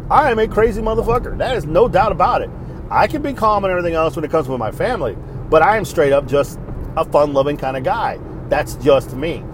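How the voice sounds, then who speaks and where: A man's voice: on the high side, a little hiss or hum. Fired-up profane podcaster man. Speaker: podcast host. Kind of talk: casual ranting monologue.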